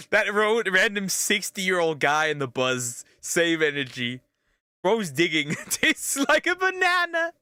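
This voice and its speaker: Bright-voiced vtuber man reacting. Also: high voice, very animated, slow pace, smooth, no echo. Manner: laughing, amused asides. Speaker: vtuber host reacting to clips. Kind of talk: casual reaction commentary.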